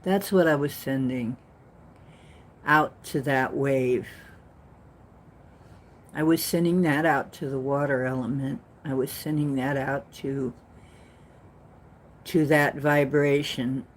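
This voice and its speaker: A woman's voice: extremely low pitch, fairly even intonation, slow pace, pauses often, slight background noise. A woman giving an earnest, rambling spiritual talk, telling a story with many restarts. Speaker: spiritual channel host.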